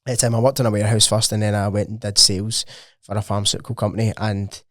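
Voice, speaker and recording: A man's voice: lowish voice, level tone, fast, a bit bright, dry recording. Scottish guy, young adult, rambling podcast guest, sweary and full of fillers, dry close mic. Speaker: podcast guest, gym owner. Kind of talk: casual chat.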